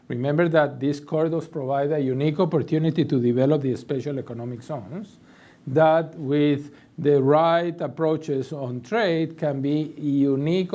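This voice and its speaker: A man's voice: fairly high pitch, dark tone. A man speaking as a panelist in a policy discussion, making an emphatic, structured argument.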